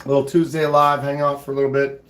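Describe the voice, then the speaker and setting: A man with a hoarse voice hosting a casual live stream from his home knife room, laid-back and chatty, often clearing his throat. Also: mid-range voice, completely flat delivery, fast, a bit bright, reverberant. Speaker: knife channel host.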